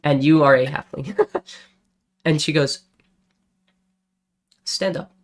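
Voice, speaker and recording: A man's voice: fairly high pitch, unhurried. A man narrating as game master for a tabletop role-playing game, describing scenes casually with frequent fillers.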